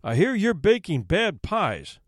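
A hot-tempered old judge bellows demands and blame in a lively, swooping voice, as a male storyteller acts him out. The sound is close and dry, with no room around it. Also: sits high, a little slow, dry recording, heavily acted. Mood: stern. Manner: barking, roaring commands.

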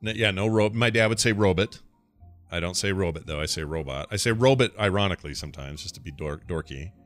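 Guy cohosting a podcast, lowish bright voice, bounces all over, dry close mic. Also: quick pace, faint music behind. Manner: animated, rambling storyteller. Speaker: podcast co-host. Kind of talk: casual chat.

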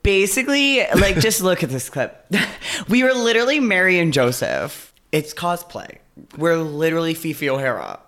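Fast-talking, teasing man on a vlog. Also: on the high side, big pitch swings, a bit bright. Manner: fast, run-together talk with a teasing edge. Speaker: co-host. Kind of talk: casual chat.

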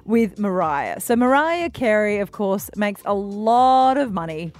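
A woman co-hosting a breakfast radio show, chatty and quick to laugh. Her voice sits at an ordinary middle pitch. A faint music bed runs quietly underneath. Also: very animated. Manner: chatty, laughs often, playful. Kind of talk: casual radio banter.

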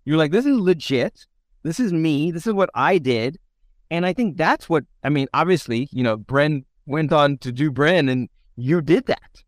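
A man's voice: fairly high pitch, normal speed, no echo, clean studio sound. A man hosting a casual interview, telling stories animatedly and swearing freely. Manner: animated storyteller who acts out quotes, swears freely. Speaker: podcast host.

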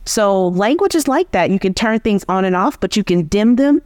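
A woman speaks as the guest in an interview, explaining how people talk in a patient, teacherly way. Her voice sits at a middling pitch, and she keeps asking "right?" to check that she is followed. The sound is close and dry, with no room echo. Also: expressive, moderate pace, a little mellow. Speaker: linguist guest.

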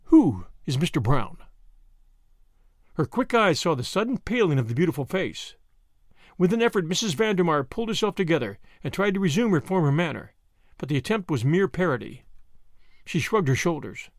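Male podcast storyteller, expressive audiobook narration, high-ish voice, dry studio sound. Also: a little fast, no room sound. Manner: expressive, dramatic reading.

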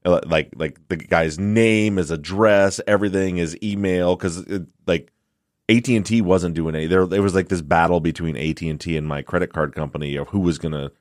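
A man co-hosting a podcast, telling a story in casual chat, swearing freely and acting out his own shouting. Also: sits low, fairly even intonation, fairly quick, dry recording, studio quality. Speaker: podcast co-host.

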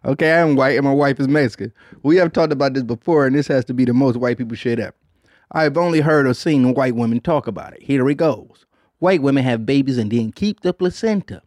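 Man, podcast host, middle pitch, casual and profane, says "man" constantly, dry close sound. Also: a little mellow, dry recording. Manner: profane, laid-back, filler "man" after most phrases. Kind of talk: casual comedic podcast chat.

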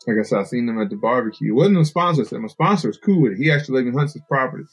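A man's voice: medium pitch, very fast, husky, rough recording. A man guest on a podcast, telling stories casually and acting out the people he quotes. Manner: animated, acts out quoted people. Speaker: podcast guest, fighter and bowhunter. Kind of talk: casual storytelling.

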